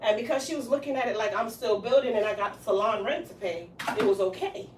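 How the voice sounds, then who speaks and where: A woman who owns and works in a hair salon tells a story in casual chat, animatedly acting out the lines of the people in it and laughing often. Her voice is medium in pitch and brisk. She is recorded from a distance, off mic in a roomy space, with faint hiss.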